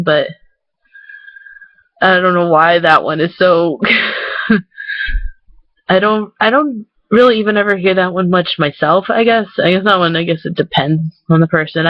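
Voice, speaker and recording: A high-pitched man with a Michigan accent rambles casually to his viewers, packing every sentence with "like." The sound is close and dry, a little dull and lo-fi. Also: dry recording. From Michigan, USA. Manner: chatty, rambling, filler-heavy with lots of "like". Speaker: vlogger. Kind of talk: casual talking-head vlog.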